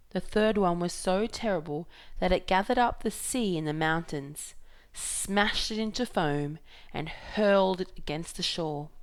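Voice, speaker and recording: A woman reads a novel aloud in a measured, even storytelling way. Her voice sits low, with a gravelly edge, and she takes her time. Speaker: reader.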